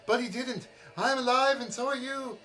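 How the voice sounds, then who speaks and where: A man's voice: steady tone, moderate pace, faint music behind. A man voicing a desperate young nobleman who begs his sister to spare their uncle. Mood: pleading. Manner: high, loud and begging.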